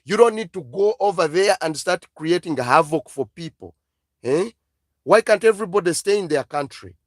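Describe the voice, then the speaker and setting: A man's voice: a little high, lively intonation, normal speed, no echo, clean studio sound. A man from Africa with an African accent, delivering an impassioned live-stream monologue full of emphatic, repeated exhortations. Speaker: online channel host.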